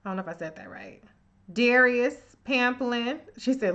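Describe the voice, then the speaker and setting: A woman with a fairly high, expressive voice speaks at a moderate pace, her tone pushed and bright. She hosts a live stream of political commentary, greeting viewers by name before launching into a fiery rant full of heavy profanity and open contempt.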